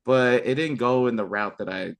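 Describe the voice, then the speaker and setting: A man's voice: mid-range voice, normal speed, gravelly, smooth. Brief: young man, podcast guest, chatty, enthusiastic, lots of ums and restarts. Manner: chatty and enthusiastic, trailing fillers. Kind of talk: casual chat.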